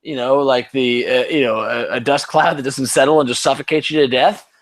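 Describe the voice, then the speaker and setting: A man's voice: mid-range voice, steady tone, fairly quick. A man co-hosting a casual sports podcast, rambling and swearing with many restarts, a bit tipsy from drinking. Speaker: podcast co-host.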